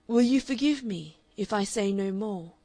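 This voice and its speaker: A woman's voice: medium pitch, lively intonation, moderate pace, dark tone, dry recording. A woman reading the part of a lovesick man who pleads urgently in an audiobook. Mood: pleading.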